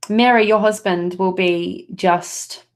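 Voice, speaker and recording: A woman's voice: medium pitch, steady tone, takes it slowly. A woman giving a live psychic card reading, speaking reassuringly and chatting casually with viewers as she answers their comments.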